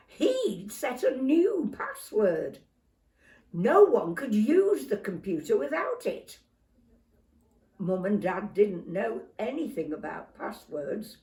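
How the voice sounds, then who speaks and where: An older woman reading a children's story aloud, expressive and unhurried. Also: medium pitch, echoey room, far from the mic. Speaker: storybook reader.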